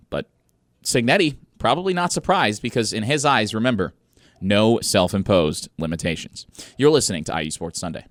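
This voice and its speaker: A young man hosting a college sports radio show, giving energetic, opinionated commentary with emphatic stresses. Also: mid-range voice, dry recording, clean studio sound.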